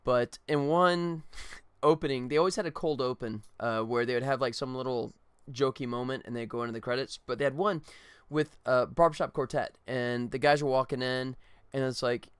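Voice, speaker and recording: A man's voice: medium pitch, fairly even intonation, normal speed, clear, resonant tone, no room sound. Man, middle-aged, tired, rambling, chuckling, game developer livestream, dry. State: exhausted. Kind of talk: casual livestream chat.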